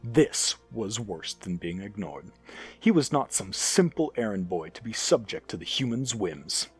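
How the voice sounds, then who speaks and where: Animated husky male story narrator. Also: on the low side, unhurried, soft background music. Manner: expressive, animated reading.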